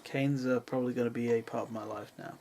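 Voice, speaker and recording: A man's voice: mid-range voice, steady tone, quick pace, dark tone, a little hiss or hum, low-quality recording. A young man chatting casually into his camera at his parents' country house, making dry, self-mocking asides. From England. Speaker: vlogger. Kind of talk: casual vlog chat.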